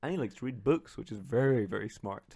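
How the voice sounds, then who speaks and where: A man talking at an ordinary middle pitch, dry and sardonic as he co-hosts a comedy podcast. He breaks into laughs often, with a relaxed living-room sound. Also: quick pace, vocal fry, husky, dry recording. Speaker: podcast co-host. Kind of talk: casual comedic chat.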